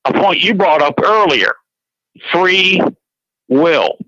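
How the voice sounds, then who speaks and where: A man with a Southern Georgia accent chats on radio, rambling and earnest and repeating himself. His voice is bright and a little high. The sound is dry and slightly muffled. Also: expressive, slow pace, no echo. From Georgia, USA. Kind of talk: casual chat on a radio show.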